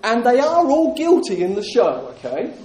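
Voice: mid-range voice, huge pitch swings, normal speed, darkish tone. A preacher delivering a sermon, emphatic and repeating key phrases, with jokes for the congregation. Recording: roomy echoing hall.

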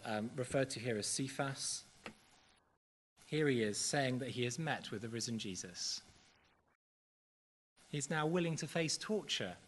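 A man preaching a sermon in a church service, earnest and measured, with occasional fillers. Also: medium pitch, slight background noise.

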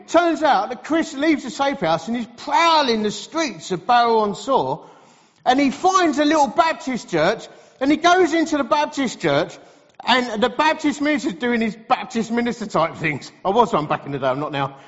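A middle-aged preacher with a very high voice spins a funny story in his sermon, his tone jumping up and down. His voice rings out in a large hall with a long echo. The sound is a bit dull. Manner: lively, humorous storyteller.

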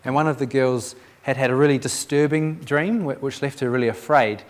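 A man's voice: mid-range voice, a little fast. A man sharing a Christian testimony as a preacher, telling the story with animation, acting out the voices in it and often restarting his sentences.

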